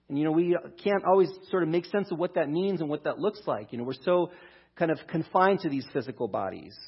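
A pastor preaching a conversational sermon, talking through a scripture passage. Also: male voice, on the high side, breathy edge, dull audio. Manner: conversational, restarts, reads scripture aloud.

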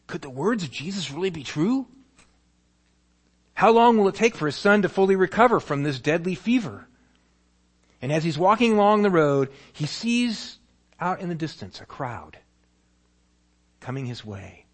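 Man, pastor, sermon, lively storytelling, husky voice, slightly high pitch. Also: normal speed. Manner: animated storytelling, acts out scenes.

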